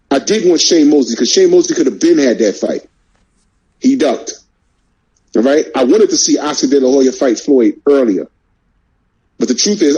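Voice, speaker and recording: A man's voice: medium pitch, warm tone, husky, poor audio. A man hosting a boxing talk show, fired up, repeating his words and firing off rhetorical questions.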